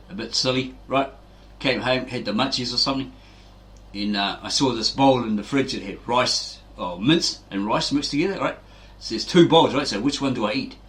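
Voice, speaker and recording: Speaking at medium pitch with a slightly bright tone, a man running a fitness channel tells rambling stories. It's a chatty, motivational monologue, and he keeps checking in with "right?".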